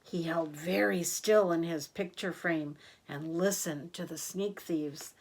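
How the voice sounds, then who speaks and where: An older woman reading picture books aloud to children, gentle and animated, pausing for asides to her listeners. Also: on the low side. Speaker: storyteller.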